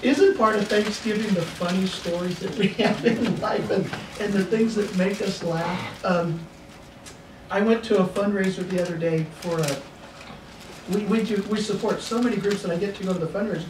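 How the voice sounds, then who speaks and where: At a seminar, a middle-aged pastor tells folksy, homespun stories in a high-pitched voice at normal speed, often chuckling as he goes. It's recorded from a distance in an echoey seminar room, and the audio is noisy.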